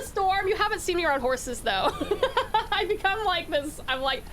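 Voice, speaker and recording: A woman's voice: high voice, big pitch swings, moderate pace, pushed and bright, a little hiss or hum. A woman from Tasmania, chatting bubbly and laughing with her viewers while streaming a game. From Tasmania, Australia. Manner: bubbly, laughs often, talks to chat. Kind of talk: casual live-stream chat while gaming. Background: faint game music.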